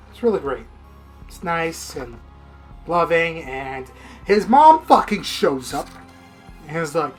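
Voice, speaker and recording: A man's voice: fairly high pitch, lively intonation, unhurried, soft background music. A man casually reviewing a manga in a rambling, profane, unfiltered way.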